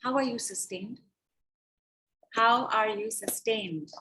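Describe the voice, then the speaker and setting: Slow-chanting woman leading money affirmations. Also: fairly high pitch, a bit bright. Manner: slow, chanting repetitions with breath cues. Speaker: spiritual money coach. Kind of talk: guided affirmation session on a call.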